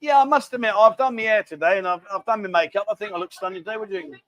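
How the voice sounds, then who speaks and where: A man's voice: sits high, racing, fairly bright tone, no room sound. A man hosting a live stream, rambling and bantering casually as he reads out viewer comments. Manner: rambling, chatty, cheeky banter. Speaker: livestream host.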